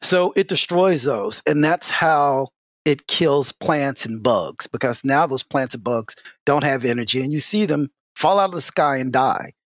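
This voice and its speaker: A man speaking as an expert guest in a casual interview, telling stories in an animated way with many "you know" fillers. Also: unhurried, no echo, clean studio sound. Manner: lively, swings in pitch. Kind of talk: casual explanatory interview talk.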